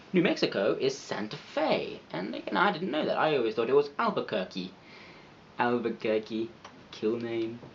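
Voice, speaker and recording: A man's voice: a little high, vocal fry, highs cut off, a little hiss or hum. A man narrating an educational video with playful, chatty, self-mocking asides. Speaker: video creator.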